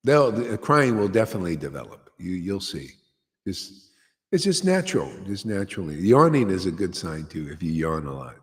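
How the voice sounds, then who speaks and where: A man with a fairly low voice gives a casual devotional talk. He keeps checking in with "see?" and slipping in "man". His words ring out with a long reverb, as if in a big hall. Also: sing-song, normal speed. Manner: loose and conversational, keeps asking "see?" and dropping "man". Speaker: spiritual teacher.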